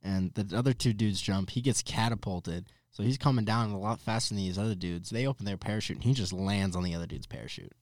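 A man's voice: on the low side, fast, few pauses, a little mellow, no echo, clean studio sound. A young man telling a funny story in casual chat, acting out his own lines as he goes.

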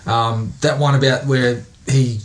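A man's voice: mid-range voice, steady tone, a little slow. Rambling man chatting casually. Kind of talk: casual chat.

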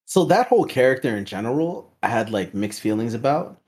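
An enthusiastic speaker talks through a movie review in a lively voice with a wide pitch range. They ramble in quick asides, the way a fan does. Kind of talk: casual chat, movie review.

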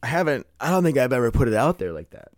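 A man's voice: mid-range voice, sing-song, quick pace, no echo, clean studio sound. A man hosting his own podcast in loose, rambling, profane chat, sleepy and yawning, calling his listeners "you guys" and "dude.". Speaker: podcast host.

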